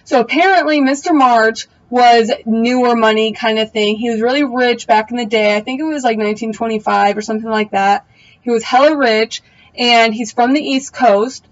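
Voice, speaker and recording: A woman's voice: a little high, normal speed, muffled recording. Chatty young woman recapping a show. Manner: chatty, opinionated, slangy, trails off with asides. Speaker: TV recap vlogger. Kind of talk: casual episode recap.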